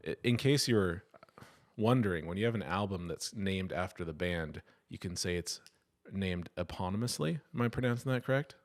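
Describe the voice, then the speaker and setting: A man's voice: sits low, expressive, moderate pace. A middle-aged man co-hosting a casual podcast chat, joking and easygoing. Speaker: podcast co-host.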